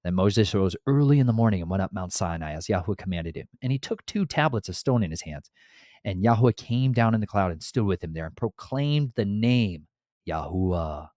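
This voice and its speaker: A man giving a casual Bible teaching in an animated, slangy, exasperated storytelling way. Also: on the low side, a little fast, dry recording, clean studio sound.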